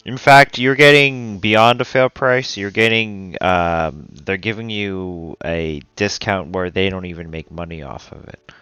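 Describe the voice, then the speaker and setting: A man running a tabletop game as game master, talking slowly with many fillers. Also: sits low, sharp tone, clean tone, no echo, muffled recording, faint music behind. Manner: slow, halting, many fillers. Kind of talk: narrating a live tabletop game.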